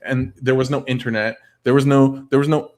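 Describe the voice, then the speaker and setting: A man chatting loosely on a livestream in an everyday mid-pitched voice. His talk wanders and is padded with "like" and "I don't know". Now and then he answers comments from his viewers. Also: little pitch movement, a little fast, a little mellow. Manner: rambling, full of "like" and "I don't know". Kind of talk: casual livestream chat.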